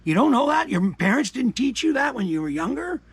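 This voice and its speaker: An older man from Canada ranting his opinions in a combative, profane way, dropping to mutters and rising to shouts. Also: very high voice, big pitch swings, a little fast, vocal fry, slightly rough, dry recording. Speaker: commentary vlogger. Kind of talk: angry opinion rant.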